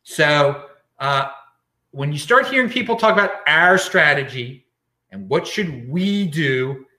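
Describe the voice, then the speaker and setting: A man's voice: on the high side, sharp tone. A man hosting a live-stream show, talking bluntly and emphatically, with many stumbling restarts as he reads chat questions. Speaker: show host. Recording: echoey room.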